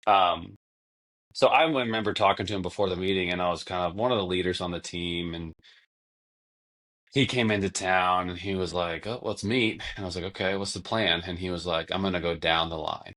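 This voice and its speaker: A young man with a fairly low voice talks casually as a podcast guest. He tells long stories and often acts out what others said. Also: fairly quick, fairly bright tone. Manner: long-winded storytelling, acts out quotes. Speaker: podcast guest, former basketball player. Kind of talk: casual conversation.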